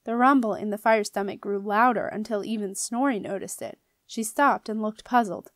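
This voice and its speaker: A woman narrating a children's fantasy novel as an audiobook reader, in clear, steady storytelling. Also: mid-range voice, moderate pace, dry recording, clean studio sound.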